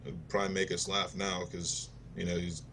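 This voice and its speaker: A man chatting casually, easygoing and halting. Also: sits low, level tone, fairly bright tone, slight background noise. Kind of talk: casual memorial chat.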